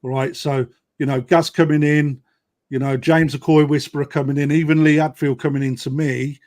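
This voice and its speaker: A man's voice: on the high side, level tone, normal speed, a little mellow. A man, a koi dealer, talking bluntly on a live-stream chat and tagging points with "right?". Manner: blunt, emphatic, keeps adding "right?".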